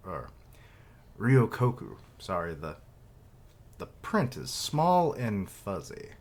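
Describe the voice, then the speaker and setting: Low-voiced, slow-talking male streamer. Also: a bit bright. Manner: rambling, joking, reads dialogue aloud. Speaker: streamer reacting to a comic chapter. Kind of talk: casual live reaction stream.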